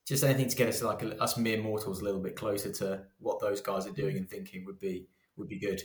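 A man's voice: fairly low pitch, little pitch movement, fast. A man co-hosting a casual podcast, easygoing and teasing. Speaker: podcast co-host. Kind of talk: casual chat. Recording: roomy echo.

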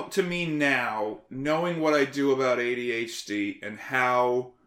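An animated man chatting as a guest, his pitch leaping all over as he talks, sarcastic and quick to swear. His tone is bright and forceful. The voice rings in a noticeably echoey room. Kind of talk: casual conversation. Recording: roomy echo.

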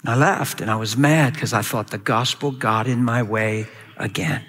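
A male pastor preaching a sermon to a live audience in a large hall. He tells his story with animated swings from loud shouts to quiet low asides. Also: normal speed. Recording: long echoing hall reverb.

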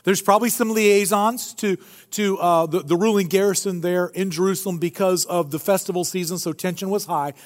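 Animated high-voiced male preacher. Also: a little fast. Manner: animated, joking storyteller. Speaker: pastor. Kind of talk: sermon. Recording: long hall reverb.

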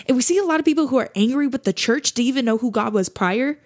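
A woman's voice: high voice, lively intonation, fast, few pauses. Earnest woman preaching on a podcast. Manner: earnest, preachy, repeats points for emphasis. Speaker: podcast host. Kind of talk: faith podcast monologue.

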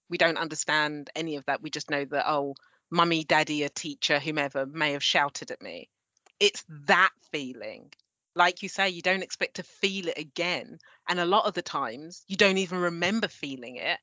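Woman, podcast guest, lowish voice, bright forceful tone, emphatic. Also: no echo. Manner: emphatic, reassuring. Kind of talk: frank conversational podcast chat.

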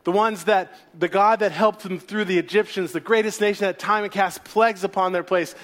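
Male pastor, sermon, high voice, animated, dramatic storytelling. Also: a little fast. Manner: animated storyteller, acts out the scenes.

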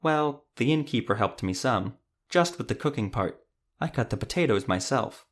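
A man's voice: medium pitch, lively intonation, normal speed, natural voice. A man narrator voicing a shy, affectionate young woman monster hunter who hesitates and trails off mid-sentence. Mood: bashful.

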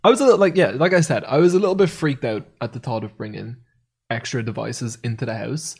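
A man co-hosting a podcast, chatting casually in a rambling, animated way and swearing freely. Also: medium pitch, fast talker, vocal fry, husky. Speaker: podcast co-host. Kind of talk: casual chat.

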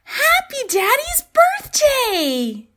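A woman voicing an eager, cheerful little boy with a high sing-song voice in a storybook reading. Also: animated, a little slow.

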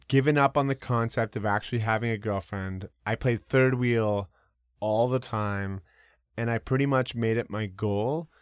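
A man recounts his own stories in a loose, animated way, full of fillers and the occasional curse. His pitch sits mid-range for a man. The sound is close and dry, with no room around it. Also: clear, resonant tone, dry recording. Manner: animated, many fillers, casual swearing. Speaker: podcast guest. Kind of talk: casual storytelling.

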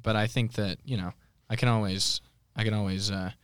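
Earnest low-voiced young man. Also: fairly even intonation, clean tone, dry recording, studio quality. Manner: earnest, reflective, halting. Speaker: podcast co-host. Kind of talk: casual chat.

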